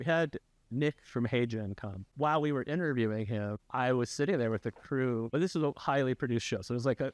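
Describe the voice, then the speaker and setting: Man, podcast guest, excited casual chat, dry close sound, mid-pitched. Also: dry recording. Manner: animated, many restarts and "right?" tags. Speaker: developer educator, guest.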